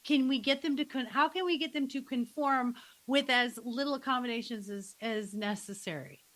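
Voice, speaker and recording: A woman's voice: sits high, moderate pace, a bit bright, rough recording. A woman hosting a podcast interview, chatting casually and eagerly. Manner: eager, enthusiastic. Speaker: podcast host.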